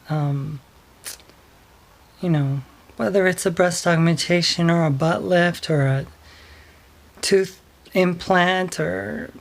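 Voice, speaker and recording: A woman telling a personal story in a vlog, soft and hesitant, pausing often with fillers. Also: low voice. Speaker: vlogger.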